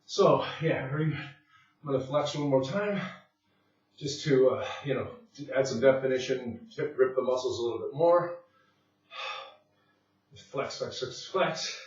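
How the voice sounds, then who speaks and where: A man's voice: mid-range voice, moderate pace, darkish tone. A man demonstrating push-ups at home, talking casually and catching his breath between sets. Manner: breathless, puffing between sets, many fillers. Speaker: fitness instructor. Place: home room. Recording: very echoey room, distant mic, dull sound.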